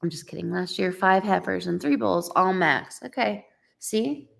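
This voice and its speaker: A woman co-hosting a casual live stream from her ranch, chatting warmly and now and then breaking into playful sing-song calls. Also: fairly low pitch, moderate pace, creaky. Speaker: ranch owner, livestream co-host. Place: ranch home, indoors.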